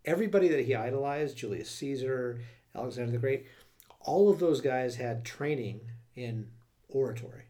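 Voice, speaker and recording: A man's voice: mid-range voice, expressive, moderate pace, warm tone. A man co-hosting a podcast in casual chat, talking in loose starts and stops and laughing easily. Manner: chatty, many restarts and fillers, laughs easily. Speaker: podcast co-host.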